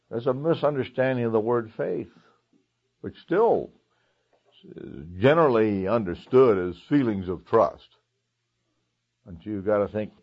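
A man's voice: on the low side, takes it slowly, creaky, pauses often, breathy edge. A man preaching a conversational sermon, chuckling now and then, with many "uh"s and restarts. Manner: conversational, with chuckles and filler words. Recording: dull lo-fi recording.

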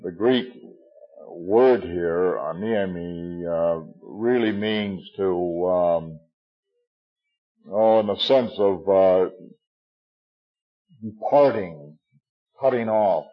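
A man in his sixties talks through a passage in a relaxed Bible study. His voice sits very low and sounds husky, and he halts often with fillers and chuckles at his own quips. The recording is dull and lo-fi. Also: drawn-out words, long pauses, soft background music. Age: 60s. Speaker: Bible teacher.

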